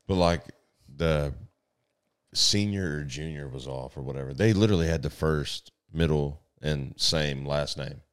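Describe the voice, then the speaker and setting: Very deep-voiced profane storyteller man. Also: measured pace, smooth. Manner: profane, animated storyteller, loud when acting out the chase. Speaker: sheriff's deputy in livestock division. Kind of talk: casual storytelling.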